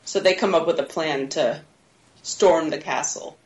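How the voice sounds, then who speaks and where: A woman's voice: low voice, measured pace, lo-fi sound. A woman co-hosting a podcast, casually retelling a movie plot with laughs and quoted lines. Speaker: podcast co-host. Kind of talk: casual movie recap chat.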